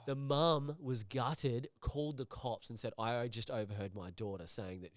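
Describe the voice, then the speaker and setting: Man, casual storyteller, swears a lot, mid-pitched, dry close sound. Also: moderate pace, no echo. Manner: animated, swears a lot, acts out voices in anecdotes. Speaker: recruitment agency director.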